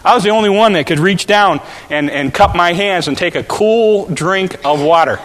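A man preaching a sermon, telling a story with volunteers and shouting out the characters' calls. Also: high-pitched, moderate pace. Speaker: pastor. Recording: long hall reverb.

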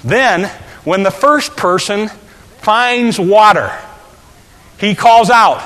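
A male preacher tells a story in a sermon and shouts out the characters' calls with volunteers beside him. His voice is bright and forceful and sits a little high. It rings with the long reverb of a large hall. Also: takes it slowly, pauses often. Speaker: pastor.

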